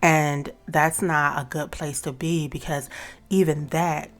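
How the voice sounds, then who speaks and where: A woman's voice: low voice, steady tone, slow pace. A woman hosting a talk show, giving chatty, direct advice to her listeners in a casual way. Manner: chatty and direct, addresses listeners as y'all and sis. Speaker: host.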